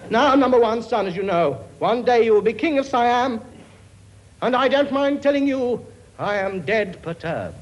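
A man's voice: very high voice, expressive, moderate pace. A man playing a brash, bossy working-class king in a radio comedy sketch. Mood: pompous, scolding. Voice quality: blunt, bossy, cheeky. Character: brash working-class king bossing his many children.

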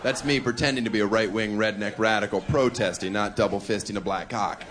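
A man's voice: fairly low pitch, fairly even intonation, brisk. A man performing provocative live stand-up comedy on a club stage, with mock-defensive asides. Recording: live club with loud crowd noise.

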